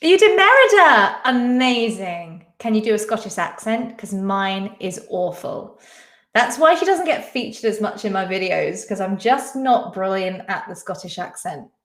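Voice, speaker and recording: A woman's voice: medium pitch, animated, unhurried. A woman hosting a live-stream quiz, chatting casually and reading out viewers' names and answers. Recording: echoey room.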